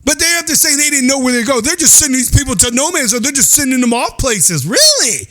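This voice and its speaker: A man's voice: very high voice, very animated, fast talker, sharp tone. A man hosting a podcast, ranting in casual political commentary with a sing-song delivery and many "oh, yeah" asides. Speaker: podcast host.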